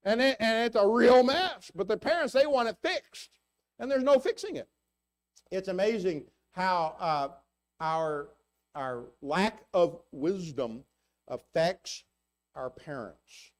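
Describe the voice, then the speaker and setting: Older man preaching in a high voice. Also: animated. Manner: conversational, halting, many restarts and fillers; rises in pitch for rhetorical questions. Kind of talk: sermon. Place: church.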